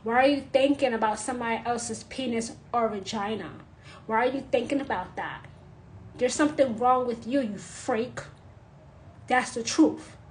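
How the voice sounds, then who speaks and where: A woman's voice: fairly high pitch, normal speed, darkish tone, a little hiss or hum, low-quality recording. A woman vlogger giving an unscripted, blunt monologue, repeating her points for emphasis.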